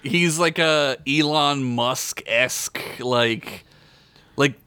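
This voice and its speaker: A man's voice: mid-range voice, bright, forceful tone, smooth. A man co-hosting a casual podcast, riffing with crude jokes and frequent laughter. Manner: crude, laughing, quick to riff. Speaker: podcast co-host. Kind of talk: casual chat recapping a TV episode.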